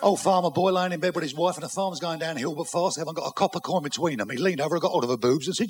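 A man telling bawdy jokes as a stand-up comedian, brash and rapid-fire, laughing through his punchlines. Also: a little high. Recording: live club with crowd and noise.

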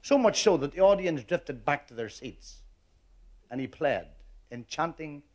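Deadpan story-joke comedian. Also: male voice, on the high side, a little slow. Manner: steady storytelling with a deadpan twist at the end. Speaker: stand-up comedian. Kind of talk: stand-up comedy routine.

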